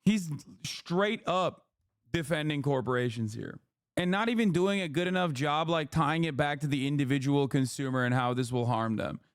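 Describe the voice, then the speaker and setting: Heated sarcastic man, high voice. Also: normal speed, smooth, dry recording, clean studio sound. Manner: heated, sarcastic, swears a lot. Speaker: streamer reacting to clips. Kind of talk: profane political commentary.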